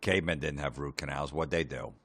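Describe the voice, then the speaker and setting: A man hosting a comedy podcast, ranting sarcastically with lots of swearing and deadpan asides. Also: very deep voice, brisk.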